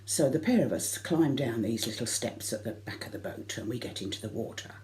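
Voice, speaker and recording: A middle-aged woman telling a comic personal anecdote to a concert audience, lively and self-mocking. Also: extremely low pitch, fairly quick. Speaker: variety concert performer.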